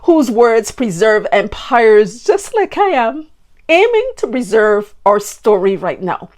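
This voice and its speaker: A woman's voice: a little high, sing-song, slow, a little mellow. Bajan woman host, heartfelt. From Barbados. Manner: emotional, heartfelt, uses Bajan dialect. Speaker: podcast host. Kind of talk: personal heritage talk.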